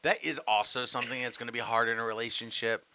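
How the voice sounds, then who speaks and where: A man's voice: mid-range voice, fairly even intonation, fast, pushed and bright, dry recording. A young man co-hosting a podcast, chatting casually and animatedly, stammering and acting out quotes as he tells stories. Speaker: podcast co-host. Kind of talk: casual comedic chat.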